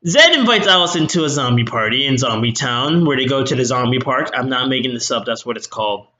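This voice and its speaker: Snarky bright-voiced young man. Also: medium pitch, lively intonation, quick pace. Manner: snarky, rambling, many fillers. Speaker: movie reviewer. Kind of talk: sarcastic movie recap. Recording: roomy echo.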